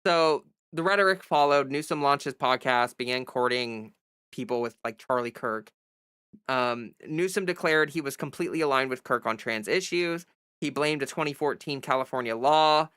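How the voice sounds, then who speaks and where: This young woman livestreams herself reading a news article, pausing to vent exasperated, sarcastic commentary. Her very deep voice is a bit bright with a clean tone. The audio is clean studio sound with no echo.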